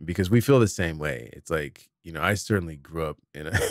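A man's voice: sits low, moderate pace, no echo, studio quality. A middle-aged man hosting a podcast, telling a family story in casual conversation and acting out the dialogue. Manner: animated storytelling, acts out dialogue. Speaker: podcast host.

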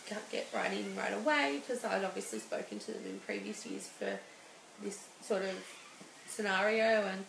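Gravelly-voiced woman, halting. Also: mid-range voice, steady tone, fairly bright tone. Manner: halting and emotional, many restarts. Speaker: guest. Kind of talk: personal interview. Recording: roomy studio with faint hiss.

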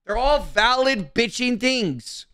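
A man's voice: extremely high pitch, expressive, slow, sharp tone, clear, resonant tone, no echo, clean studio sound. A young man streaming casually, talking to his chat in a brash, profane, defensive way.

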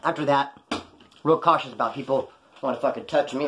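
A former prisoner telling stories about prison life in a blunt, rambling, profane way. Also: male voice, medium pitch, a little fast, fairly bright tone, highs cut off, slight background noise. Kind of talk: casual storytelling monologue.

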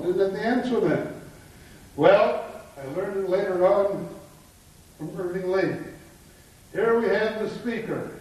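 Guy lecturing from far off in a big echoey room, mellow slightly high voice, tells little joke stories. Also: moderate pace. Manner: tells jokes in an easy storytelling way. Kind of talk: lecture with anecdotes.

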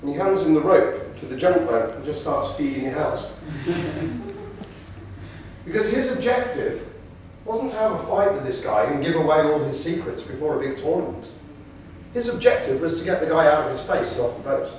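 Animated male lecturer in an echoey hall. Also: a little high, moderate pace, a little hiss or hum. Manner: animated storyteller, acts out quotes. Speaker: debate lecturer. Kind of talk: lecture to students. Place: lecture room. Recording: roomy hall from a distance.

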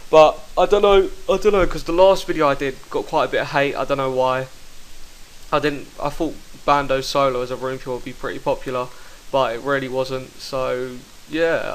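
Young man, gaming commentary, excitable, profane, headset mic. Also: medium pitch, a little hiss or hum, low-quality recording. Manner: excitable, swears, bursts into shouts. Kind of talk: live gameplay commentary.

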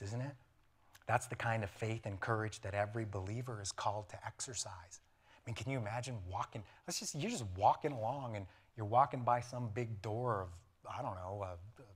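Animated man preaching a sermon. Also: lowish voice, breathy edge. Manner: animated, laughing, acting out voices. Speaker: pastor. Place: church.

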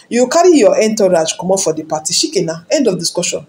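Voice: medium pitch, lively intonation, fast talker, few pauses, darkish tone. A YouTube celebrity news commentator with a Nigerian accent, talking casually in pidgin to the audience. The speaker leans on repeated words and fires off rhetorical questions.

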